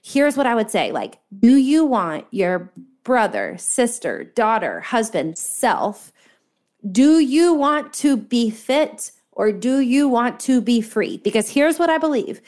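This fairly high-pitched woman in her thirties talks slowly but very animatedly, her tone leaning dark. Appearing as a guest author in a faith-based podcast conversation, she comes across as earnest and preachy, hammering home her main ideas through emphatic repetition.

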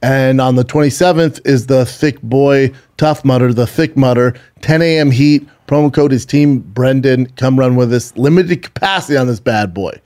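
A man's voice: medium pitch, moderate pace, hardly any pauses, darkish tone. A man co-hosting a casual podcast, brash and profane, plugging his comedy tour dates.

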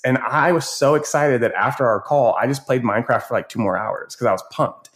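A man's voice: medium pitch, a little fast, few pauses. A male educator, a podcast guest, telling stories in casual conversation and acting out the children he quotes. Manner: animated storyteller, quotes kids in raised voices.

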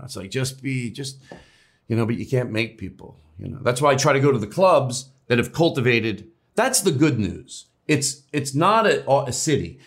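A male comedian as an interview guest, talking in rambling, animated bursts with restarts and swearing. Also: mid-range voice. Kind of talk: casual interview chat.

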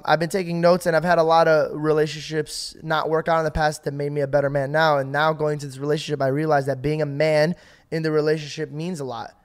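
Excitable rambling young man, higher voice. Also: clear, resonant tone. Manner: rambling, excitable, filler-heavy, quick to laugh. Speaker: podcast co-host. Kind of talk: casual chat.

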